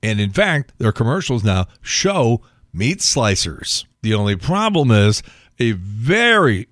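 A man's voice: mid-range voice, no echo, studio quality. A man hosting a talk radio show, chatting in a wry, blunt way with some swearing. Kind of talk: casual talk radio monologue.

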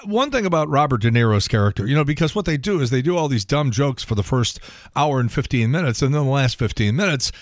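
A man's voice: medium pitch, no room sound, studio quality. Blunt, grumbling middle-aged man. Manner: blunt, opinionated, grumbling rant with swearing. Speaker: podcast host. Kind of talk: casual monologue, movie review.

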